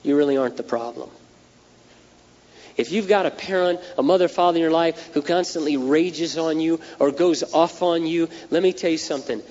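A man's voice: a little high, moderate pace, a little mellow. A man preaching a sermon, earnest and repetitive, telling stories to drive his point home. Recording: dull lo-fi recording with long hall reverb.

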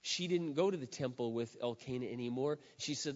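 A middle-aged man preaches a sermon from the pulpit. He leans hard on key words, then drops to a hush. His voice echoes through a large hall on a dull, lo-fi recording. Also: mid-range voice. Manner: emphatic, drawn-out stresses, shifting from loud to hushed. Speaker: pastor.

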